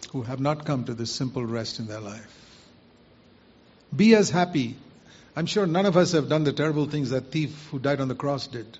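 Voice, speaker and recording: A man's voice: on the high side, darkish tone, slightly rough. A man preaching a sermon, earnestly putting rhetorical questions to his listeners. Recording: muffled lo-fi recording.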